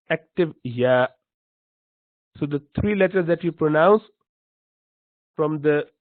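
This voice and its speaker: A man teaching pronunciation in a slow, patient lesson, repeating each sound to demonstrate it. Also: on the high side, dry recording. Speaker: Quran recitation teacher. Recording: dry, tinny phone-like line.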